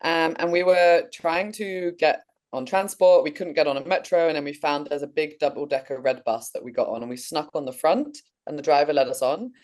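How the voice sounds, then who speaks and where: A woman's voice: sits low, a little fast, hardly any pauses. English woman animatedly recounting a dream. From England. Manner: animated storytelling, swearing, laughing. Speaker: podcast co-host. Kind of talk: casual chat, telling a dream.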